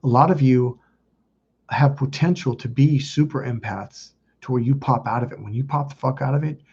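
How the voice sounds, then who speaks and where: A man's voice: mid-range voice, a little mellow, slightly rough, muffled recording. A man hosting a self-help video, telling personal stories in a blunt, profane, casual way. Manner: blunt and profane, quick asides. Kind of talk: casual confessional storytelling.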